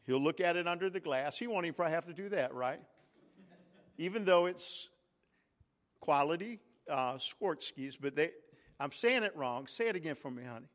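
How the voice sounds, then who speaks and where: A man's voice: fairly high pitch, lively intonation, moderate pace, in a large hall. A man, a pastor, preaching a sermon with call-and-response and swelling emphatic peaks. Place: large church sanctuary.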